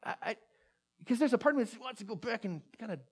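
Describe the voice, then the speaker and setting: A man preaching in a conversational way, retelling a personal story with many restarts and a hushed voice for quoted prayer. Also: extremely high pitch, lively intonation, quick pace, slightly rough. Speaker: pastor.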